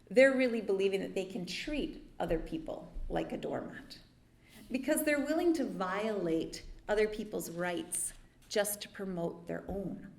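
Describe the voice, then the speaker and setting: A woman therapist giving a workshop talk, explaining calmly with lively asides. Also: mid-range voice, creaky, reverberant. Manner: calm explanatory teaching with lively dramatic asides. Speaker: therapist leading a church workshop.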